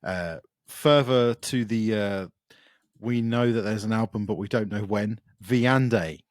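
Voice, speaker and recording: A man co-hosts a podcast in casual, gushing chat, his voice sitting on the low side. He rambles eagerly from thought to thought. The sound is dry and close, with no room around it. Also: measured pace, dry recording. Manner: enthusiastic, rambling, lots of "like" and "mate". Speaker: podcast co-host. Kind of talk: casual chat about metal records.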